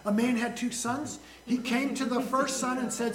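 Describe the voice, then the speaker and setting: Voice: mid-range voice, steady tone, a little slow, roomy sound, a little hiss or hum, low-quality recording. A pastor preaching a sermon in a folksy, joking way, asking the congregation questions along the way.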